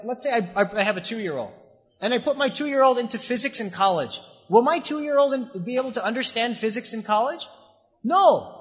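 A man's voice: very high-pitched, a bit bright. A man giving a sermon in a mosque hall, using rhetorical questions and repetition with shifting emphasis. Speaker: preacher. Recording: dull sound with long hall reverb.

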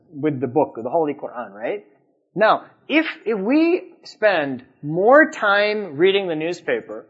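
Man, conversational preacher, somewhat high voice, muffled lo-fi sound. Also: husky. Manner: conversational, anecdotal, asks the audience questions. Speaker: Islamic preacher. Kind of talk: sermon. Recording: dull lo-fi recording.

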